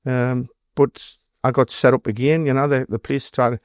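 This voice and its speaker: A blunt-talking man with a thick Geordie accent tells his stories plainly, swearing freely and voicing the people he quotes. His voice sits at a middling pitch, and the recording is dry and close. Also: little pitch movement, normal speed, no echo. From North East England. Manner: blunt storytelling, heavy swearing, acts out quoted dialogue. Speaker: guest, former doorman. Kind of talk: casual interview storytelling.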